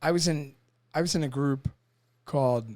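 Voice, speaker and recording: A young man on a podcast talking haltingly and often repeating his words, with his voice trailing off at times. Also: on the high side, a little mellow. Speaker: podcast co-host, veteran. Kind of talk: casual conversation.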